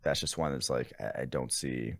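Very deep gravelly man, dry close sound. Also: moderate pace, no room sound. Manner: blunt, crude, wry. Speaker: podcast co-host. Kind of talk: casual sports chat.

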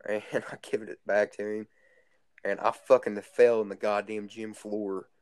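A man's voice: lowish voice, little pitch movement, a little slow, clean tone, no echo, studio quality. A teenage boy telling rambling stories in casual chat, crude and swearing constantly. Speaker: guest storyteller.

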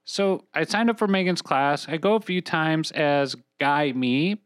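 A woman hosting a podcast, talking in a rambling, halting way with frequent laughs. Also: low voice, clear, resonant tone, no room sound, clean studio sound. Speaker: podcast host. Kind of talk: casual podcast chat.

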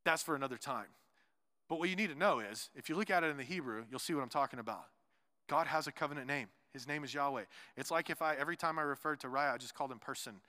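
A man preaching with a bright, forceful voice pitched a little high. He swings between loud, emphatic lines and hushed, quiet asides, slipping in playful jokes to the people in front of him. His voice carries through a large hall with a long trailing reverb. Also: fast. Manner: joking asides to the congregation. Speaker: pastor. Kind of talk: sermon.

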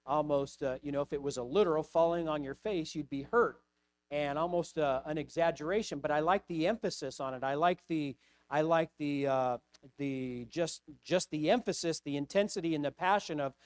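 Middle-aged male pastor, slightly high voice, dry close recording, halting sermon that swells into passionate appeals. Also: no room sound. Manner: hesitant, repeats words, builds to impassioned pleading.

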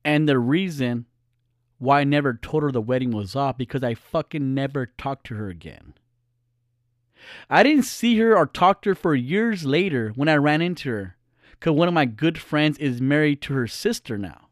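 A man's voice: mid-range voice, animated, moderate pace, no room sound, clean studio sound. A middle-aged man telling a personal story casually, blunt and profane, acting out the voices.

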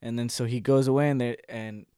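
Animated man retelling movie scenes. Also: mid-range voice, clear, resonant tone, dry recording, clean studio sound. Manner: animated, quick to act out quotes and laugh. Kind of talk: casual chat retelling film scenes.

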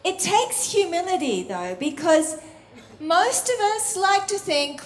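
A woman preaching a sermon in a soft, intimate, earnest way that often drops to a hush. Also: very high-pitched, very animated, takes it slowly. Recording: roomy echo.

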